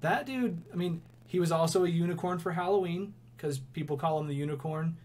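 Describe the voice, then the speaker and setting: A man's voice: fairly high pitch, brisk, a little mellow. Rambling young man, sports podcast co-host. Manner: rambling, laughs often. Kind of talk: casual sports chat.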